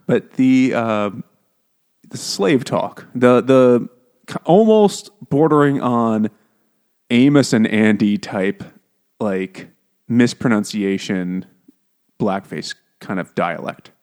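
A man chatting casually about a book as a podcast co-host, emphatic and animated, slipping into mock voices to act out quotes. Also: medium pitch, slow pace. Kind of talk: casual chat.

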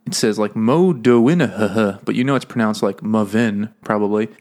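A man co-hosting a casual book podcast, tossing in quick jokes and laughing often. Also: on the low side, a little mellow. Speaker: podcast co-host. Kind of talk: casual book-club chat.

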